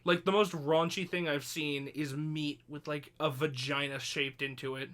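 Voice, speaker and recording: A man's voice: fairly high pitch, fairly even intonation, normal speed, fairly bright tone. A young man co-hosting a casual podcast, rambling and sarcastic with frequent swearing. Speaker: podcast co-host. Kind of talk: casual chat.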